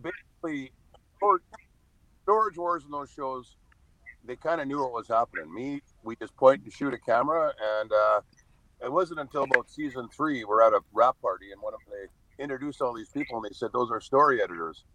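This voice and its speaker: A man's voice: medium pitch, expressive, a little fast, pushed and bright, no room sound, rough recording. A man telling stories as a podcast guest over a call, blunt and freely profane. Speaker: podcast guest, reality show star. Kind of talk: casual storytelling on a call. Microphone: phone or video call over wifi.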